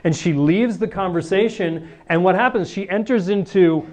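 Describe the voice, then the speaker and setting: A man, a priest, giving a lively talk to students, acting out little scenes and laughing as he goes. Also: high voice, normal speed. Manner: animated, acts out voices, laughs often.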